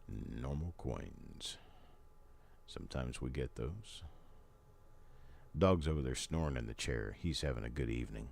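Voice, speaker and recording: A man's voice: very deep voice, expressive, unhurried, creaky, long pauses, a little mellow, a little hiss or hum. An older man hosting a live stream from his home in casual chat, rambling and folksy with chatty asides. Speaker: host.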